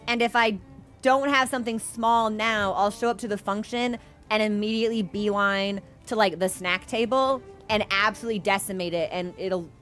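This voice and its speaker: A woman's voice: mid-range voice, normal speed, a bit bright, soft background music. A woman live-streaming a video game, chatty and rambling, laughing easily as she talks to her viewers. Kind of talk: casual live-stream chat while gaming. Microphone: headphones with a wired mic.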